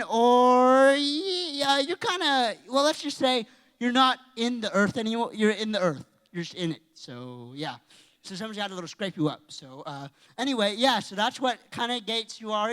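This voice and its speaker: Excitable teenage boy in a reverberant hall. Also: high voice, smooth. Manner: excitable, rambling storytelling. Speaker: youth speaker. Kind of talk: youth group talk. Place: church hall.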